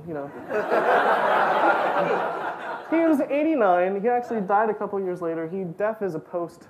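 A woman giving a storytelling talk at a student event, animated and self-mocking, often saying "like" and laughing along. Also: lowish voice, normal speed, heavy background noise.

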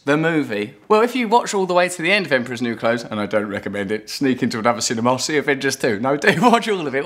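A man's voice: a little high, a bit bright. Playful man riffing on comments. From England. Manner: playful, jumps into comic voices, swears. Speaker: host. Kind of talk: casual commentary reading viewer comments.

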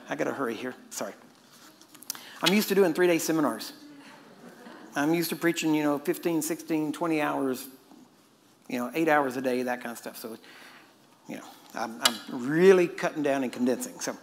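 Fast-talking preacher man. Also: on the high side, creaky. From Texas. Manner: fast-talking and joking with the audience. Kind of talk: sermon.

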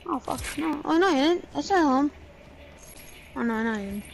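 Woman, gamer, high voice, excitable, shrieking, swearing, noisy background. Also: moderate pace, creaky. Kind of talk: casual chat while gaming.

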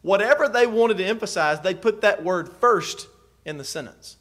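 A pastor preaches in a fairly high voice. He drops to near-quiet, then rises to loud emphasis, and keeps putting questions to his listeners. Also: expressive, normal speed. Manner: preacher's rhetorical questions, swings from soft to loud. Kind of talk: sermon.

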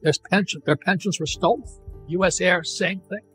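An American man in his seventies speaks as an interview guest in a somewhat high voice. He rants emphatically, repeating phrases and restarting sentences. Soft music plays faintly behind him. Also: normal speed. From United States. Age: 70s. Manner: emphatic, repetitive ranting with restarts.

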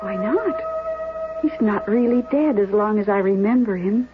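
An actress playing a lonely, nervous widow in a 1970s radio drama, fluttery and easily startled. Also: female voice, medium pitch, animated, unhurried, close to an everyday voice. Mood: pleading. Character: lonely widow, middle-aged, nervous and chatty. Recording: tinny lo-fi radio recording with music.

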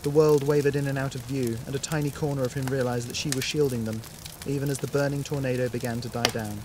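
A man reading a science fiction story aloud in a steady, even narration. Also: mid-range voice, quick pace, very noisy.

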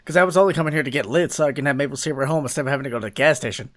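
A man giving excitable let's play commentary, swearing and talking to himself as he plays. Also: medium pitch, rapid-fire. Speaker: gaming YouTuber.

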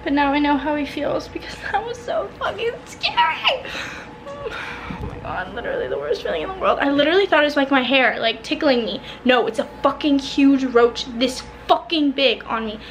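Panicked high-voiced young woman vlogger. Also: sing-song, moderate pace, noisy background. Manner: panicked, swearing, half laughing half crying. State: shaken and tearful. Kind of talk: casual vlog monologue. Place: apartment bedroom.

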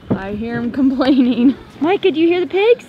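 An excited woman chats to her children at an outdoor fair, full of exclamations. Her voice is high and swoops widely. The noise of the fair and its animals comes through clearly behind her. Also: normal speed, muffled recording. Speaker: vlogging mom. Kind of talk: casual vlog chat.

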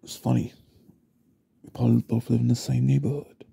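A man's voice: medium pitch, level tone, a little fast, creaky, warm tone, slightly rough, no room sound, full character voice. A British man voicing an obsessive young goth stalker in a whispered role-play, creepy and falsely innocent. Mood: creepy calm. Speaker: ASMR role-play performer.

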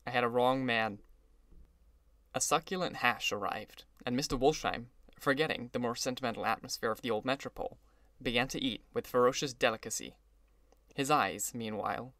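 A male audiobook narrator reads at a measured, even pace in scripted narration. His pitch is middling, and the recording is dry and close. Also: no room sound.

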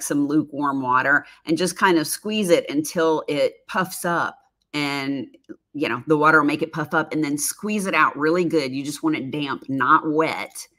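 A woman's voice: deep voice, a bit bright. A woman in her fifties chatting casually on a live stream, reading viewer comments with frequent laughs and rambling asides. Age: 50s. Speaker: livestream host, former makeup artist.

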